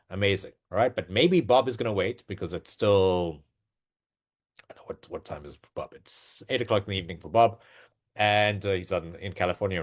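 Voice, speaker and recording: Man, fairly low voice, informal webinar presenter, breaks into excited bursts. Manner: animated, with sudden excited exclamations; chatty and informal, often asking "all right?". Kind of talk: live trading walkthrough.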